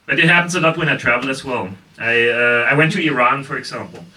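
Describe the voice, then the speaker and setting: A man's voice: mid-range voice, lively intonation, fast talker, bright, forceful tone, far from the mic. A man with a German accent doing a stand-up comedy set with sardonic, mock-incredulous asides. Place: basement comedy club stage.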